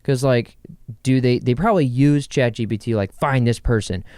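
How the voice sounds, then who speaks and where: A young man hosting a casual solo podcast from his bedroom, rambling and joking with quick asides to himself. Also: mid-range voice, mellow, smooth, no echo, clean studio sound. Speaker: podcast host.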